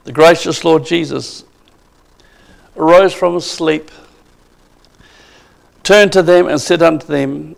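A man's voice: a little high, slow pace, gravelly, pauses often. A man preaching a sermon with emphasis, asking the congregation questions.

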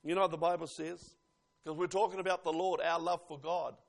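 An older man delivers an earnest sermon, pausing often and lifting his emphasis up and down. His voice sits fairly high and carries a gravelly edge. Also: fairly even intonation. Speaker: preacher. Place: church.

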